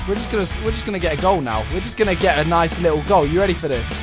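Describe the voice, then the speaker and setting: A young man giving live commentary on his own football video game match, excitable, shouting and pleading at the game. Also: high voice, racing. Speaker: gaming YouTuber. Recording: faint background music.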